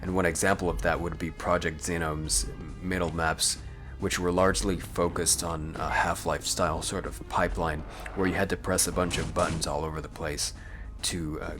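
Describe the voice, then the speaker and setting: A man's voice: low voice, flat delivery, normal speed. A man giving voice-over commentary on a game walkthrough, talking in a thoughtful, analytical way with frequent hedges. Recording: voice over loud game music.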